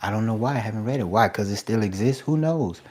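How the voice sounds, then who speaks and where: A man streaming live as an artist, giving excited shout-outs to viewers in casual slang, then turning soft and reflective. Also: on the low side, quick pace. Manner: drops to a soft, quiet reflective tone. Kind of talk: casual livestream chat.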